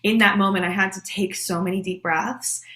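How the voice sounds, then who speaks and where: Bright-voiced woman hosting, echoey room. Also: mid-range voice, brisk. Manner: candid, expressive storytelling. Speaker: podcast host. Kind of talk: conversational podcast interview.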